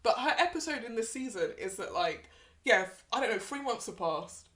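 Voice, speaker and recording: Woman, podcast co-host, animated storyteller, roomy echo. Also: on the high side, moderate pace. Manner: animated storytelling, acts out quotes. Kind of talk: casual chat.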